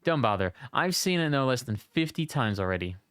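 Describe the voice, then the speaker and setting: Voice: medium pitch, big pitch swings, fairly quick, a bit bright, no echo, clean studio sound, pitched below the performer's own voice. A streamer doing a jaded, sardonic man.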